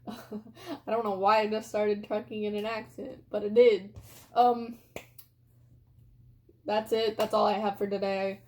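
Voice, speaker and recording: A woman's voice: medium pitch, little pitch movement, a little slow, pauses often, darkish tone. A young woman vlogging casually at home, reviewing makeup products she regrets buying in a chatty, rambling way full of filler words. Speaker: beauty vlogger.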